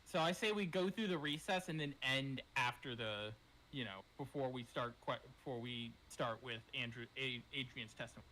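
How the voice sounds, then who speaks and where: A man's voice: mid-range voice, normal speed, bright, forceful tone, a little hiss or hum. A man co-hosting a game playthrough, chatting casually and swearing now and then. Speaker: let's-play co-host. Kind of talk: casual chat while playing a game.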